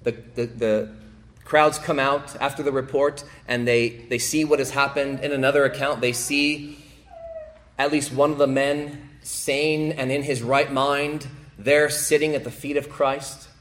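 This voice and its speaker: A male pastor preaching a sermon, repeating phrases for emphasis and swinging between raised, emphatic passages and hushed, quiet ones. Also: medium pitch, flat delivery, a little slow.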